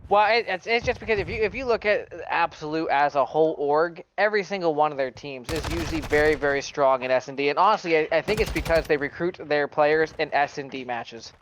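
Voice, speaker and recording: Male esports co-caster, relaxed conversational delivery, slightly high voice, faint noise behind. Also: quick pace, few pauses. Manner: conversational, answers viewers. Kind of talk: color commentary.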